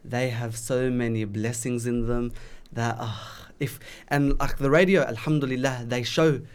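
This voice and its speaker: A man in casual religious conversation, soft-spoken and affirming, often murmuring agreement. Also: medium pitch, steady tone, normal speed, clean tone.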